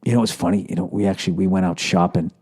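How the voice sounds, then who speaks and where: Dude going off on his podcast, swearing nonstop, kinda dark mellow voice. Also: deep voice, steady tone, racing, slightly rough. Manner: profane, ranting, sarcastic; riled up about sports. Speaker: podcast host. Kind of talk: solo podcast rant.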